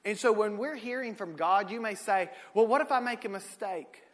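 A man, preaching a sermon with folksy stories, swinging from shouted peaks to low asides. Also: normal speed. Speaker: pastor. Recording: echoey hall.

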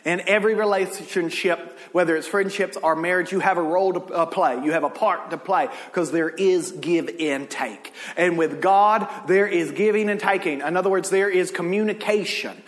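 A man's voice: high-pitched, normal speed, few pauses, big-room sound. A man preaching a sermon in a church, telling family stories and jokes with lots of laughter. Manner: animated, laughing, drawling Southern storyteller. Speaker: pastor. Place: church sanctuary.

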